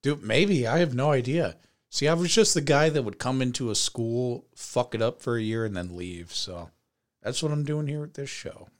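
A man's voice: mid-range voice, animated, moderate pace. A man co-hosting a podcast, rambling through the sign-off in a crude, offhand way. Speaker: podcast co-host. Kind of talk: casual podcast outro.

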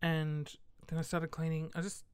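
A woman's voice: sits low, monotone, normal speed, clear, resonant tone, no room sound, clean studio sound. A young woman who runs a small online shop, chatting casually to camera in a chatty, exasperated way and often laughing mid-sentence.

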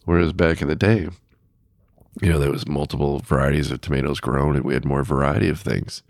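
A man's voice: rumbling low, steady tone, fairly quick, vocal fry, a little mellow, no room sound, clean studio sound. A man hosting a podcast, chatting casually with lots of fillers and restarts. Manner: rambling, many fillers and restarts. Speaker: podcast host. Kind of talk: casual chat.

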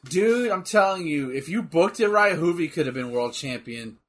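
Excitable husky-voiced man. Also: a little high, moderate pace. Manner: excitable, swears freely. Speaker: co-viewer. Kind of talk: casual watch-along chat.

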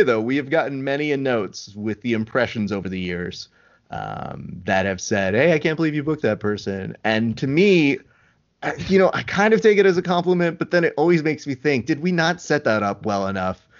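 Man, podcast guest, dry deadpan humor, casual chat, lo-fi sound. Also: mid-range voice.

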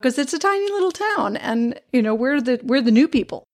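A woman's voice: high voice, expressive, fairly quick, a little mellow. A woman hosting a podcast interview, speaking thoughtfully and hedging with "sort of" and "you know.". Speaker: podcast host. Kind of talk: casual interview chat.

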